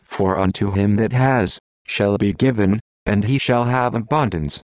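A man reading a sermon aloud in an earnest, measured, exhorting manner. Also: on the low side, dry recording. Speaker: preacher. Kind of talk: read sermon.

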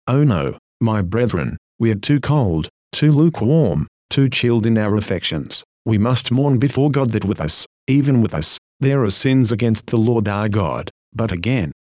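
A man preaching an old-style sermon with earnest, exhorting emphasis. His voice sits at an ordinary middle pitch. It is recorded close and dry, with no room around it. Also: darkish tone, no room sound. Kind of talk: read Victorian sermon.

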